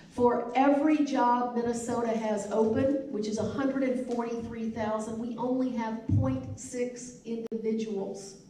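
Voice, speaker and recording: A woman's voice: on the high side, warm tone, a little hiss or hum. A woman with a Southern US accent gives a town hall speech as a congresswoman, in an emphatic, repetitive oratorical manner. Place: elementary school hall. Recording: echoey hall from far off.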